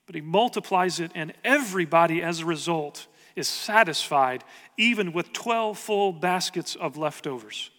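A man's voice: on the high side, expressive, moderate pace, a bit bright, long reverb tail. A man preaching a sermon as pastor, earnest and conversational, asking the congregation rhetorical questions.

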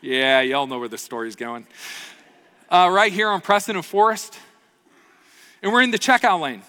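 A man's voice: sits high, lively intonation, normal speed, bright, forceful tone, smooth. A man preaching a sermon as pastor, earnest and storytelling, often checking in with the congregation. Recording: long reverb of a large hall.

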